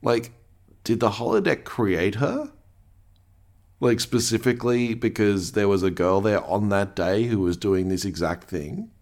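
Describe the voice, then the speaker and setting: A man's voice: fairly low pitch, lively intonation, measured pace, a little mellow. A young man casually chatting as a podcast co-host, wry and joking. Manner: wry, joking, acts out characters' lines. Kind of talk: casual chat recapping a TV episode.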